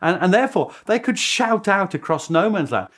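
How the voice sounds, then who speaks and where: British male historian, lively chuckling storyteller, slightly high. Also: normal speed. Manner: animated storytelling with chuckling asides. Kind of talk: documentary interview.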